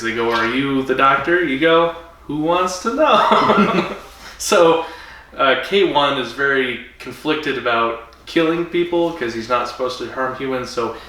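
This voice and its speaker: A man's voice: medium pitch, sharp tone. A man co-hosting a podcast, teasing and joking his way through casual banter. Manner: teasing, jokey, laughs often. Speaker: podcast co-host. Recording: echoey room, distant mic, background noise.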